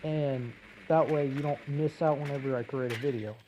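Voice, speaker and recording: Young gamer host, mid-pitched voice, swearing freely and rambling through a casual rant, with a faint hiss behind. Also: steady tone, moderate pace. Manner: profane, rambling, with many fillers and restarts. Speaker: gaming video host. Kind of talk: casual ranting commentary.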